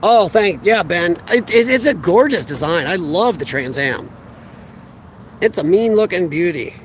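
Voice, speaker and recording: Chatty high-voiced man. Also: expressive, unhurried, slight background noise. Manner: chatty, rambling, answers chat. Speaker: vlogger live-streaming. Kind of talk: casual live-stream chat. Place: outdoors by a parked car.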